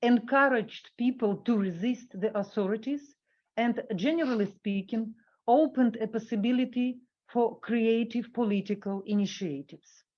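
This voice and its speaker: On dull audio, a fairly high-pitched woman reads her academic paper from a script at a workshop. Speaking off the cuff, she becomes halting and fills gaps with fillers.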